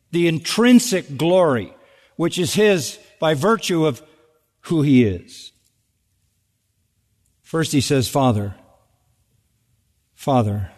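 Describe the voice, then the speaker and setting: A man's voice: fairly high pitch, darkish tone, long reverb tail. A man preaching an expository sermon in an earnest, emphatic way, repeating key words for stress.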